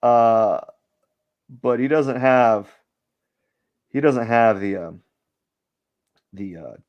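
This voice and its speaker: A man talks his way through a live drawing session in easygoing stream commentary. He rambles and thinks aloud, dropping filler words as his thoughts wander. His voice sits at an ordinary middle pitch. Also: animated, extremely slow, dull audio.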